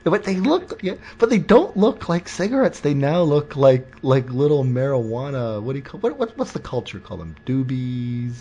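A man's voice: mid-range voice, sing-song, normal speed, hardly any pauses, dark tone. A man hosting a podcast in casual chat, rambling and joking with many restarts. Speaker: podcast host. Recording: dull lo-fi recording.

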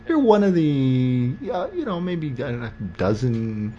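A man's voice: medium pitch, very animated, moderate pace, mellow, slight background noise. A man hosting a podcast in casual chat, rambling and joking with many restarts. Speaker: podcast host. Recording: dull lo-fi recording.

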